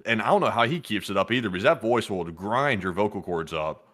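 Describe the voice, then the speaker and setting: A man co-hosting a live stream in relaxed casual talk, chuckling and using slang like "bro". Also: fairly low pitch, quick pace. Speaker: co-host.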